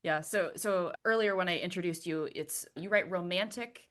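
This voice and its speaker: A woman's voice: on the low side, moderate pace, a bit bright. A woman hosting an interview podcast, asking long, conversational questions in a casual way. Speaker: podcast host.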